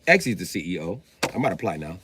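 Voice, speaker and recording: Brash, animated comedic streamer man. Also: low-pitched, fast, background noise. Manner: brash, profane, keeps addressing an imaginary listener. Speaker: livestreamer. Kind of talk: comedic live-stream riffing.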